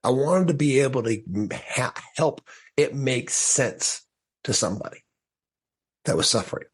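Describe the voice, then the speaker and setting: A man's voice: medium pitch, normal speed, breathy edge. A man as a podcast guest, telling his personal story in an earnest way, often restarting his sentences. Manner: earnest, restarts sentences, animated when quoting.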